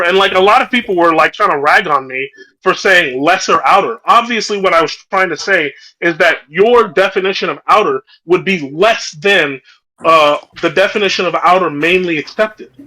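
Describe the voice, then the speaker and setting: High, bright-voiced stammering man. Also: moderate pace, rough recording. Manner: stammering, repeats himself, insistent. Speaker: debater. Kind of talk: heated online debate.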